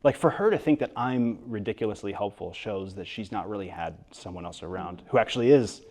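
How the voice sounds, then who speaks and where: A man being interviewed about his book in front of an audience, telling stories in a lively way with quick asides and frequent restarts. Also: on the low side. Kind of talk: storytelling interview talk before an audience. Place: event hall with an audience.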